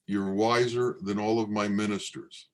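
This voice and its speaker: A man's voice: fairly low pitch, level tone, unhurried, close to an everyday voice. A man speaking as a commanding king. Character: proud old king who gives orders.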